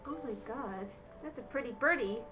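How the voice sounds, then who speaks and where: A young woman streaming a visual novel, reacting emotionally and breaking into loud outcries. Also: fairly high pitch, expressive, normal speed. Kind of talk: let's play, reading a visual novel aloud. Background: game music.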